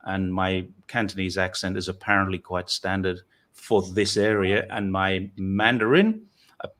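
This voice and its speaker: A man's voice: low-pitched, moderate pace, fairly bright tone. A man from northeast England hosting a casual chat, rambling and self-deprecating as he tells his story. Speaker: host.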